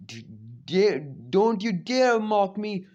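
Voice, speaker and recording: A man's voice: high-pitched, fairly even intonation, moderate pace, a little mellow, pitched above the performer's own voice, lightly acted. A man voicing a whiny, indignant teenage ninja girl in a fan-made story, on a dull lo-fi recording.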